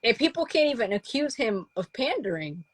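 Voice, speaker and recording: A woman co-hosting a podcast in casual chat, giggly and animated, often trailing off mid-thought. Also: on the high side, brisk, husky.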